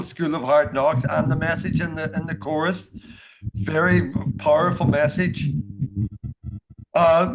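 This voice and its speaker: A man's voice: on the high side, low-quality recording. Donegal Irish man with fillers. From Ireland, Donegal. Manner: enthusiastic, halting with many fillers. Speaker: guest reviewer. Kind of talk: casual spoken song review. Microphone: video call.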